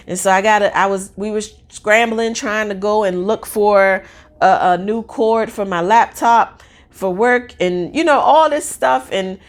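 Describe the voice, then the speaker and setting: A woman in her forties spins a personal story in a loose, chatty way. She rambles and gets excited, stumbling over ums and restarts as she goes. Her voice sits at an everyday pitch for a woman. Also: unhurried. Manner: rambling, excitable, many fillers. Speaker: mother telling a personal story. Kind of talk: casual storytelling.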